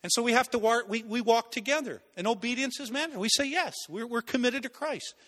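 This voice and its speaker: A man preaching a sermon, telling stories in an animated way and acting out voices. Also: very high voice, quick pace, in a large hall. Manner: animated, acts out voices and laughs at own stories. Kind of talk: sermon with storytelling.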